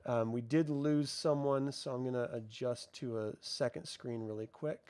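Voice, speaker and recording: A man's voice: mid-range voice, steady tone, moderate pace, darkish tone, smooth, no echo. A man narrating a tabletop game as game master, casual and chatty.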